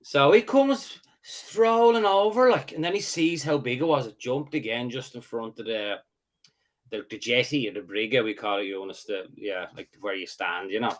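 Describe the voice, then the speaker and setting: A man telling a fishing story in a casual, rambling chat, halting and restarting, then getting animated as the story builds. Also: medium pitch. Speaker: angler host.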